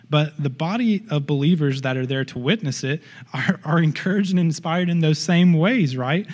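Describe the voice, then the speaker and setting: A man preaching a sermon in church, in an earnest, conversational way with frequent asides to the congregation. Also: on the high side. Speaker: pastor.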